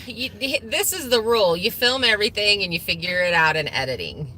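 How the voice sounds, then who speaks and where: A woman's voice: medium pitch, expressive, fairly quick, sharp tone, a little hiss or hum. A middle-aged woman co-hosting a casual live chat from inside a car, laughing often as she tells her story. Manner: laughs often and tells stories with a lot of feeling. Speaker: co-host of a farm channel.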